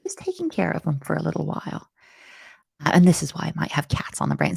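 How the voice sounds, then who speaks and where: A playful woman instructor talks through a live coding lesson, thinking aloud and reacting to her chat. Her voice is husky with a gravelly edge and moves lively up and down. The sound is dry and close. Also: on the low side, dry recording.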